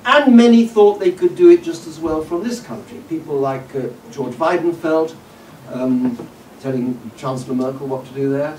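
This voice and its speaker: A man giving a public lecture, with a fairly high pitch for a man. His delivery is measured and discursive, with frequent "uh" and "um" and wry asides. He is picked up by a distant microphone in a roomy hall, with a faint hum behind him. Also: a little mellow. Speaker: guest lecturer. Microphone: distant room mic.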